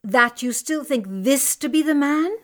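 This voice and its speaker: A young noblewoman, distressed and defiant, played by a woman, speaks with raw emotion. Her voice sits a little high. It is a dramatic reading of a classic story. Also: lively intonation, a little slow. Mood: pleading. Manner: emotional, pleading and indignant.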